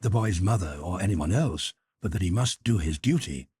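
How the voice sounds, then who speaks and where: Deep, husky male audiobook narrator. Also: expressive, moderate pace, a little mellow, no room sound. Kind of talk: scripted narration.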